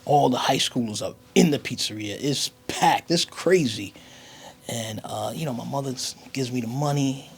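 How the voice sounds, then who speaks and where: A comedian telling a story in an animated, slangy way, sometimes dropping to a whisper. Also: male voice, medium pitch, moderate pace, slight background noise. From United States. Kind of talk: comic storytelling monologue.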